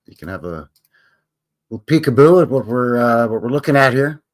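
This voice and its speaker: Briskly and with lively intonation, a medium-voiced Canadian man hosts a relaxed live stream, rambling on, joking with his chat, and chuckling at his own lines.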